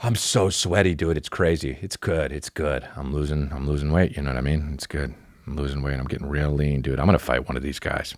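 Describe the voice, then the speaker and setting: A man in his thirties hosting a casual comedy podcast, telling a story with lots of profanity, restarts and quick asides. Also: a bass voice, fairly even intonation, no room sound, clean studio sound. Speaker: podcast host.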